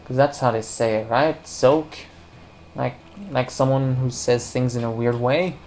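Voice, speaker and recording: A woman's voice: a bass voice, steady tone, normal speed, darkish tone, a little hiss or hum. A woman casually commenting on a puzzle game as she plays, rambling and joking, talking to the viewers and the game characters. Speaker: let's play commentator.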